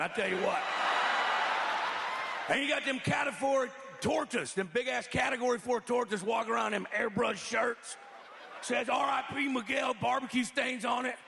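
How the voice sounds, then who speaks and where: A man doing a loud, crude stand-up set. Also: very high voice, vocal fry. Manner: loud, crude, drawling delivery. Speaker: stand-up comedian. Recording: live club with crowd noise.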